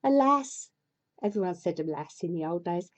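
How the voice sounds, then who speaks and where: A woman's voice: mid-range voice, expressive, unhurried, warm tone. Grumbling, sweary woman storyteller. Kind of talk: comic fairy tale reading with rambling asides.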